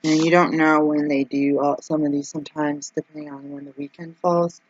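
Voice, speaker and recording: A woman vlogging casually as she works through her budget out loud, anxious and rambling, with frequent ums and exclamations. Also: low voice, flat delivery, fairly quick, no room sound, dull audio. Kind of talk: casual vlog, thinking aloud over budget.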